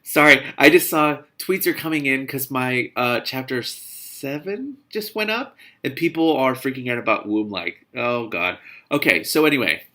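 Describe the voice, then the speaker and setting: A man's voice: lively intonation, moderate pace, pushed and bright. A man reading a novel aloud with comedic commentary, sarcastic and exasperated, swearing freely and muttering the narration. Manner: reads narration in a low muttering voice. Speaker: reader and commentator.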